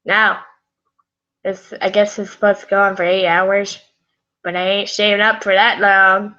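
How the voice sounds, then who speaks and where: A woman's voice: mid-range voice, little pitch movement, unhurried, sharp tone, lo-fi sound. A woman casually reading fan fiction aloud, rambling and correcting herself with chatty asides.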